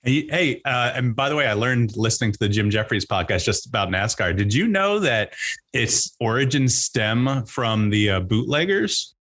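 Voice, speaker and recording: A man's voice: medium pitch, lively intonation, normal speed, a bit bright. A man co-hosting a podcast, chiming in briefly and easygoing, and signing the show off for a break. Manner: brief, easygoing interjections and show sign-offs. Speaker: podcast co-host. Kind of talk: casual chat.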